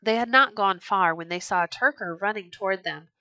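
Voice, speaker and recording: A woman reading a children's storybook aloud, clear and gentle. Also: mid-range voice, moderate pace, dull audio.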